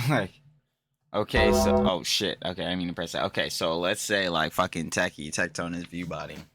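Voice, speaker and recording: A man with a very low, deep voice gives casual reaction commentary. He rambles and swears freely as he talks back at the clips he is watching. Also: normal speed, a bit bright, a little hiss or hum. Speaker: reaction channel host.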